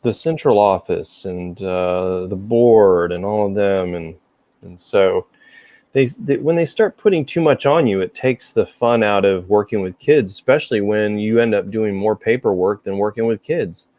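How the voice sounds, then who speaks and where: Male podcast host, low-pitched, faint Southern lilt, dry recording, loose and chatty. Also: moderate pace, dark tone, dry recording. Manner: chatty, rambling, self-deprecating. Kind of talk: casual chat.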